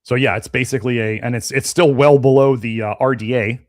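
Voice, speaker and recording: A man's voice: mid-range voice, steady tone, a little fast. A man hosting a live-stream Q&A, answering chat questions in a casual, rambling way with many fillers and restarts, and sounding a little congested. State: slightly congested, sneezy. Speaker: host of a health podcast.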